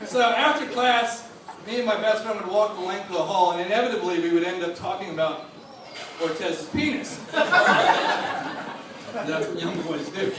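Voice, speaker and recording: A man telling a funny story to a live audience, animated and laughing, acting out other people's voices. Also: sits high, unhurried, pauses often, recorded from a distance, heavy background noise. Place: stage before a live audience. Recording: echoey hall, voice from off mic.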